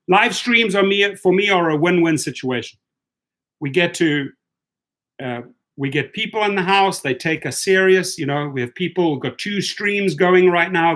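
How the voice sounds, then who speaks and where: A man hosts a live stream with a fairly high speaking voice, reading viewer comments one after another. He talks bluntly and turns indignant, hammering the same point again and again. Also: fairly bright tone. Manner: indignant, blunt, repeats himself for emphasis.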